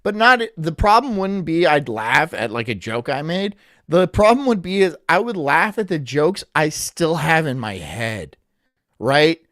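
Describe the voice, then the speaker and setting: A man talks his way through a casual live stream, rambling, joking at his own expense and laughing along. His voice sits a little high and leaps up and down all the time. The sound is dry and close, with no room in it. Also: sing-song, measured pace, fairly bright tone, dry recording. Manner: rambling, self-mocking, laughs at own jokes. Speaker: streamer host. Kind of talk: casual live-stream chat reacting to a video.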